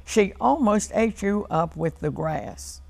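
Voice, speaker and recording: A woman's voice: mid-range voice, expressive, takes it slowly, gravelly, darkish tone, dry recording, heavily acted. A woman reading the part of a kindly, protective mother robin in a children's story. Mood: motherly. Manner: motherly, reassuring.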